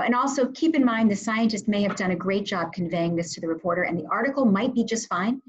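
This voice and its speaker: A woman leads a webinar, coaching her listeners step by step in a measured, instructive voice with plenty of ums. Her tone is a little husky. The computer-mic audio comes through dull and lo-fi. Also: mid-range voice. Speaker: webinar presenter, media trainer. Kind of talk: webinar presentation with slides.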